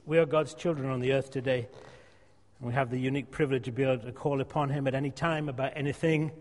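A man preaching a sermon in a church, emphatic and repetitive, sometimes dropping to a soft hush. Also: medium pitch, steady tone, quick pace. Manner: emphatic, repeats phrases, drops to a soft hush. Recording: long hall reverb.

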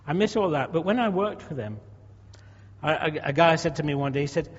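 Fairly quick and animated, this high-voiced man in his sixties preaches in a church with a conversational style. Rhetorical questions and repeated words run through the sermon, heard in a dull, echoey hall recording.

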